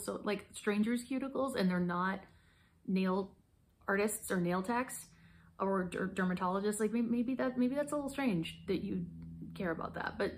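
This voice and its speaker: Rambling, self-mocking woman vlogger. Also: medium pitch. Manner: rambling, self-deprecating, laughs often. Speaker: beauty vlogger. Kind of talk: casual product review.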